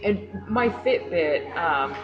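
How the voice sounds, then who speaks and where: A chatty woman with a somewhat low voice tells stories over coffee, laughing often and acting out what people said. The sound carries a roomy echo from the coffee shop where she is recorded. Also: lively intonation, takes it slowly, highs cut off, music in the background. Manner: chatty, laughing storyteller, acts out quotes. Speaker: podcast co-host. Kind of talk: casual chat.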